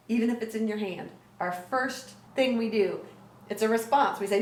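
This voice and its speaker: Brief woman trainer, lively classroom delivery, quizzes listeners, roomy echo, mic set back. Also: medium pitch, moderate pace. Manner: energetic, asks questions, tags "right?". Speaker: conflict resolution trainer. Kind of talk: teaching lesson to children. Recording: echoey room, mic at a distance.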